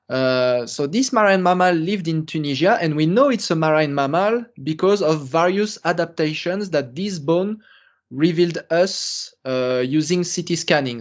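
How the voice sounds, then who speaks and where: A man's voice: fairly high pitch, dull audio. A man from France with a French accent, giving a recorded lecture with careful, apologetic phrasing and many fillers. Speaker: paleontology lecturer.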